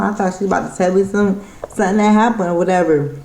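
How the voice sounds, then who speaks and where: A woman's voice: lowish voice, steady tone, fast talker, darkish tone. Irritated woman rambling in an echoey room. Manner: rambling, irritated, full of fillers and restarts. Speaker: vlogger. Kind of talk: casual storytelling vlog.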